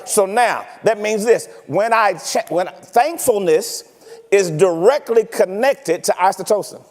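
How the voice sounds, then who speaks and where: High-voiced preacher in an echoing church. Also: male voice, unhurried. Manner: animated, teasing preaching with rhetorical questions. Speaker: pastor. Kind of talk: sermon. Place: church sanctuary.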